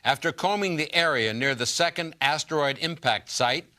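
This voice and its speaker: The lead anchor of a TV newscast, smooth and authoritative as he passes stories along. His voice is bright and forceful. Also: on the high side, normal speed. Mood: measured. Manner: smooth, authoritative hand-offs. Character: male TV news lead anchor. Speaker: news anchor. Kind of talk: scripted TV news anchoring.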